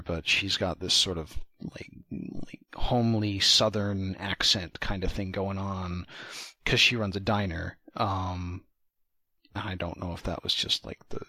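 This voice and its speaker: A man co-hosting a podcast, chatting casually in a halting way with many fillers. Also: deep voice, sharp tone, no room sound. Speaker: podcast co-host. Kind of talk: casual chat.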